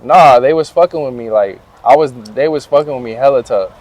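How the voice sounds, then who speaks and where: A young man, a guest in an outdoor interview, tells stories from his life in a slangy, laid-back way during a casual storytelling chat. His medium-pitched voice is brisk with a darkish tone.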